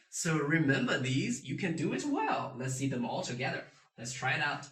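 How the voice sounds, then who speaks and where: Animated man teaching tones. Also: fairly high pitch, normal speed, few pauses, far from the mic. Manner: animated, demonstrates tones with sung and exaggerated sounds. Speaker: Mandarin teacher. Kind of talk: beginner pronunciation lesson. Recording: roomy, a bit off-mic.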